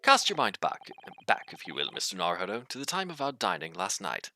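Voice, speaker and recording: A smug, grandiose gentleman detective, played by a man reading a game aloud, swinging his voice high and low for drama. The tone is bright and forward, every sentence delivered with flourish. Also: wildly swooping pitch, fairly quick, a little hiss or hum, full character voice. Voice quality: grandiose, florid way of talking. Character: theatrical eccentric male detective, pompous and smug.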